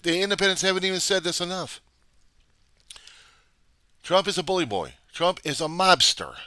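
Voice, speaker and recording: Argumentative man, low and bright-toned, very animated, for a political commentary vlog. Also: moderate pace, dry recording. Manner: argumentative, rhetorical questions, acts out both sides. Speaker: vlogger.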